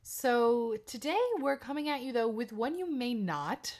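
Slow, giggly young woman reading a fairy tale. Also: on the high side, a little mellow. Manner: giggly, self-deprecating, rambling with asides. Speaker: podcast co-host.

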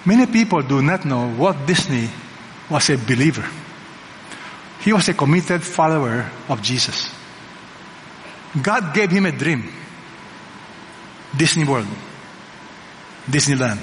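A man's voice: a little high, fairly bright tone, slight background noise. A man preaching a sermon as pastor, emphatic and full of rhetorical questions to the congregation. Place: large church hall. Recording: long reverb of a large hall.

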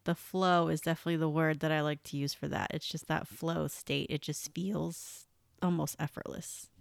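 Woman interview host, low voice, gravelly fry, dry sound, affirming. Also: steady tone, normal speed, no room sound. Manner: affirming, warm reactions. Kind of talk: casual interview conversation.

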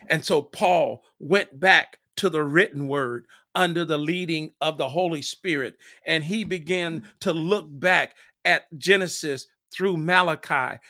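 Male pastor with a high, gravelly voice, preaching with fervor and repetition. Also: pushed and bright, no echo, clean studio sound. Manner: impassioned preaching with repeated phrases; acts out scripture dialogue. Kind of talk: podcast sermon.

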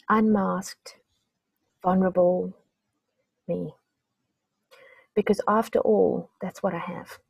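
A woman's voice: fairly low pitch, vocal fry, dark tone, breathy edge, no echo. A middle-aged woman hosting a podcast interview, speaking in an emotional, openly moved way. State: tearing up. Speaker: podcast host. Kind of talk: heartfelt conversational interview.

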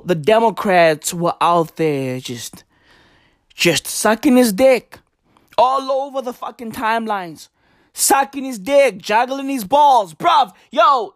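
A man with doing a profane, animated comedy rant. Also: high voice, no echo, clean studio sound. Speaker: commentator.

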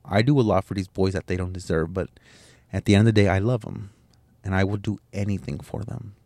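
A man's voice: low-pitched, fairly even intonation, a little fast, vocal fry, dark tone, no echo. A man hosting a podcast, telling a personal story in a candid, emotional way, swearing and restarting his sentences. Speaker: podcast host.

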